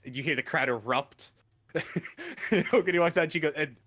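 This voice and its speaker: A man's voice: fairly high pitch, animated, normal speed, pushed and bright. A man co-hosting an anime podcast, enthusiastic and slangy, laughing as he recounts scenes. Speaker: podcast co-host. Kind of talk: casual anime podcast chat.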